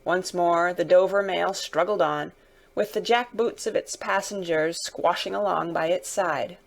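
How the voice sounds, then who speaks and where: Lady reading an old novel aloud, kinda low voice, gets loud on the shouty bits. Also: unhurried, creaky. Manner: dramatic, shouting out characters' lines. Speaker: narrator.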